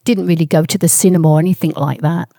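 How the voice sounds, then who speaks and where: Older woman, mellow reminiscing. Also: lowish voice, fairly even intonation, dry recording, clean studio sound. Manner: rambling, halting storyteller. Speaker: interviewee. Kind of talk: oral history reminiscence.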